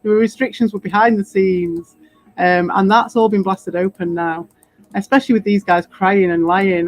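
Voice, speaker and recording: A woman's voice: mid-range voice, fairly even intonation, moderate pace, no echo, lo-fi sound. A British woman in a casual, rambling monologue, swearing freely, laughing often and sounding defiant. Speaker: crypto streamer.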